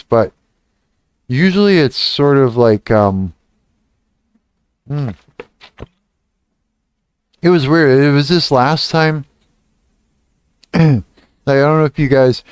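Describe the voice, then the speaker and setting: A middle-aged man talks loosely to his livestream chat, swearing freely and trailing off mid-thought before starting again. His voice is smooth and resonant. The sound is close and dry, with no room around it. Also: a little mellow, dry recording. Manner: rambling and profane, trailing off and restarting; laughs and rises in pitch when retelling anger. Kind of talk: casual livestream chat, answering chat.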